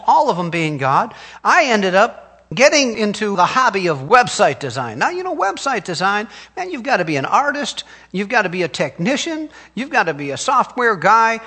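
A middle-aged man preaching with emphatic call-and-response. His voice sits high and swings widely in pitch, with a bright, forceful edge. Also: husky. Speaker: pastor. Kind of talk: sermon.

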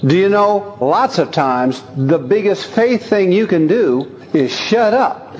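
A man preaching a sermon in a folksy, lively way, chuckling as he talks and reading scripture aloud. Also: high voice, takes it slowly, faint music behind. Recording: long hall reverb.

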